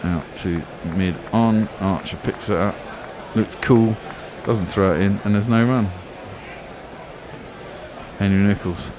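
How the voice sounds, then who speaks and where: A man giving live ball-by-ball radio cricket commentary, excitable, swearing and arguing with his co-commentator. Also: lowish voice, slow pace, noisy background. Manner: excitable, swears freely, argumentative banter.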